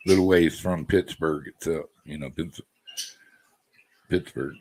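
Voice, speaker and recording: Laid-back, deep-voiced man. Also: a little slow, a little mellow, poor audio. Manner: easygoing, rambling, laid-back. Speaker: live stream host. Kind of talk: casual chat with viewers.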